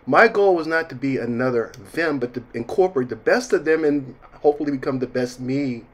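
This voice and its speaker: A man's voice: medium pitch, fairly quick. A man, chatting in a casual, self-mocking way while he talks through a watercolor painting tutorial. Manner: chatty and self-mocking, jokes, says y'all. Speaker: watercolor artist teaching.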